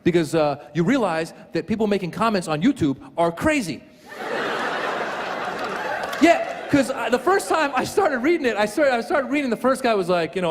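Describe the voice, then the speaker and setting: A man performing a stand-up comedy set, telling stories with animated, acted-out voices on stage. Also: high-pitched, fairly quick, in a large hall. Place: comedy stage before a live audience.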